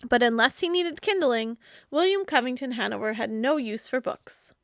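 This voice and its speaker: A woman reading a novel aloud as a library storyteller, expressive and animated. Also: on the high side, normal speed, no room sound, studio quality.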